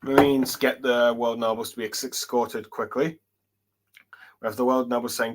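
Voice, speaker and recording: A man's voice: medium pitch, fairly even intonation, normal speed. A man giving a casual solo review of a manga chapter, hesitant and full of fillers as he reads along. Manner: hesitant, many fillers and restarts while reading along.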